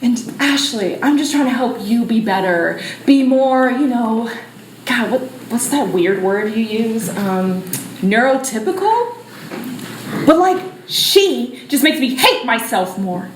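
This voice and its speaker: A woman's voice: fairly high pitch, expressive, slow pace, roomy sound, a little hiss or hum, rough recording. A woman playing a sassy, bossy personified disorder in a solo stage show, talking in brash slang. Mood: exasperated. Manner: peppy, valley-girl slang, brash.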